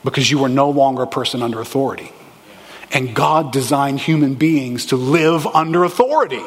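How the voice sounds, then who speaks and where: A man preaching a sermon as a pastor, with animated, emphatic delivery and quick asides to the congregation. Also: medium pitch, in a large hall.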